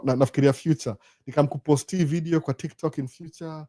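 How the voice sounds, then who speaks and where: A man's voice: fairly high pitch, a little fast, dry recording. Chatty Kenyan man, dry close sound. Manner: chatty, animated, jokey asides. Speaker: live-stream host. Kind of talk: casual live Q&A chat. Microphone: studio microphone.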